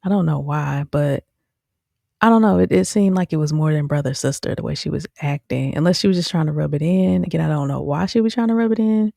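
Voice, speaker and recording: In casual commentary reviewing a show, the woman talks fairly quickly in a low, gravelly voice. She's lively and chatty with her audience, calling them "y'all" and frequently using "um" and "okay?", with no room sound.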